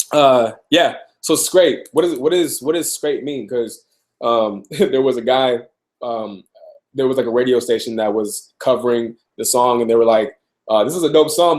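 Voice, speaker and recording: A young man from Arizona chats through a casual live Q&A, clearing a slightly sick throat now and then. He talks loosely, stacking fillers and restarts as he goes. His voice rests at a middle, everyday pitch. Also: a little mellow. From Tucson, Arizona. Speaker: rapper answering viewer questions.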